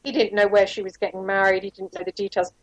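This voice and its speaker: She talks fast in a mid-range voice that barely moves in pitch, captured roughly with no room sound. A former private investigator being interviewed, she openly tells a rambling story from her life, peppered with asides and quoted lines.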